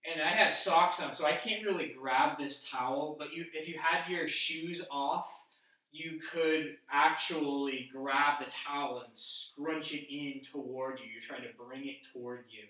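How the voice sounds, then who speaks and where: A man talks through a workout as he demonstrates each move, explaining it step by step. His voice is bright and fairly high, and it sits back from the mic in a very echoey room. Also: measured pace, distant mic. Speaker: fitness instructor. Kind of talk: instructional workout demo.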